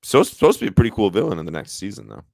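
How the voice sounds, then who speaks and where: A man co-hosting a casual podcast, excitable and calling everyone "dude.". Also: fairly low pitch, very fast, gravelly, no room sound, clean studio sound. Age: adult parent. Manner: excitable, says "dude" a lot, swears casually. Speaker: podcast co-host. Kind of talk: casual chat.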